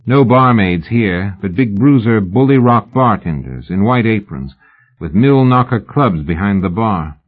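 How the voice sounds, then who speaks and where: A man reading a novel aloud in a measured, even audiobook narration. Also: on the low side. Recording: phone-like narrow band.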